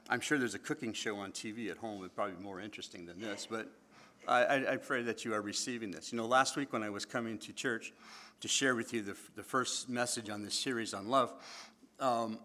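A male pastor delivers a sermon in church with a bright, forceful voice. He keeps it animated, joking with the congregation and coaxing them to respond. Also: on the low side.

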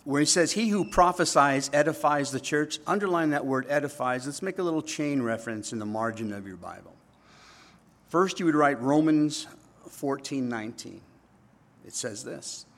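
Man preaching an animated sermon. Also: fairly high pitch, normal speed. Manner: animated, asks the congregation "right?" often. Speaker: pastor.

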